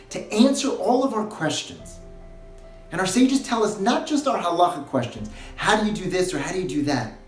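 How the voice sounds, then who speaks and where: Earnest rabbi with an echoey sound. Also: male voice, high voice. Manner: earnest, building to impassioned pleading questions. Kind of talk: short recorded sermon. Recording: roomy echo, faint music.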